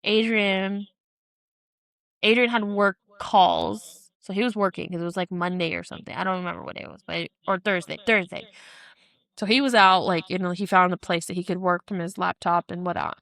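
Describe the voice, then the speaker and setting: A woman in her thirties, co-hosting a podcast and telling a story in a loose, animated way, with frank language and acted-out quotes. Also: fairly low pitch, normal speed. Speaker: podcast co-host. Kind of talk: casual chat.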